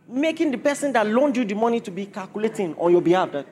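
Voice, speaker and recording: A man's voice: sits high, lively intonation, fast talker, hardly any pauses, a little mellow, slight background noise. A man preaching a sermon to a congregation, driving points home with repeated rhetorical questions.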